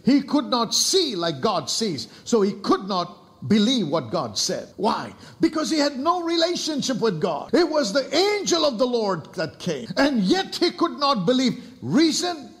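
A man's voice: very high voice, big pitch swings, a little slow, fairly bright tone. A man preaching a sermon as pastor, emphatic, asking rhetorical questions and calling on the congregation to respond.

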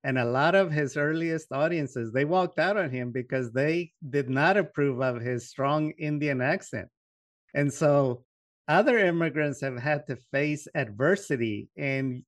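A man's voice: on the high side, no echo. A man hosting an interview, asking long, earnest questions. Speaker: host.

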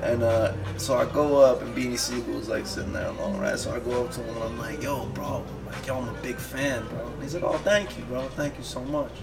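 A man in his thirties with a gravelly edge to his voice rambles through a profane anecdote in a loose podcast chat. He sits some way off from the mic, with loud music playing in the room behind him. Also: mid-range voice, steady tone, a little fast, hardly any pauses, far from the mic. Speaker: podcast host. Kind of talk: casual storytelling chat.

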